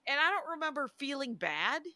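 A woman's voice: high-pitched, very animated, brisk, pushed and bright, no room sound. A middle-aged woman from Wisconsin, co-hosting a podcast and telling chatty stories with frequent laughs and restarts. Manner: storytelling, laughs often, restarts sentences. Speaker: podcast co-host. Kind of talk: casual chat.

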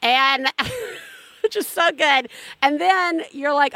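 A woman's voice: high-pitched, unhurried, gravelly, sharp tone, dry recording. A woman co-hosting a parenting podcast, chatty and retelling a guest's stories in a casual interview. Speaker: podcast co-host.

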